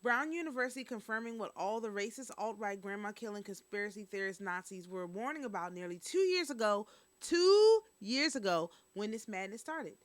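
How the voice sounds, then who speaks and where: A woman's voice: medium pitch, fairly quick, few pauses, a bit bright, dry recording. A woman hosting a casual news and review stream, chatting straight to her viewers.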